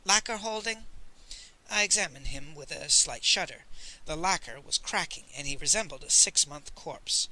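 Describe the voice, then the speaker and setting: A man narrating an audiobook in an animated storytelling style, with many character voices. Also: on the high side, moderate pace, rough recording. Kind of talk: expressive audiobook reading.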